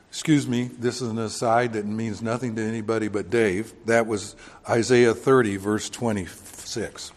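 This preacher has a lowish voice with a darkish tone, recorded in a large hall with slight background noise. His Bible teaching sermon is conversational, built on homely everyday examples and peppered with fillers and self-corrections.

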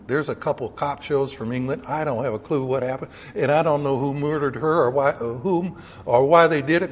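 A man delivers a Bible sermon in church, folksy and joking, punching key words with sudden emphasis. His mid-pitched voice rings out with a long hall reverb. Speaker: preacher.

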